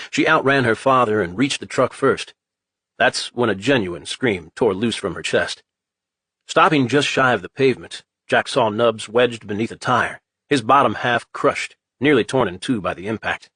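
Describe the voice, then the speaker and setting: A man reading a horror audiobook in a measured, dramatic way. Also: medium pitch, a bit bright, husky, dry recording. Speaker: audiobook narrator. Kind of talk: scripted horror narration.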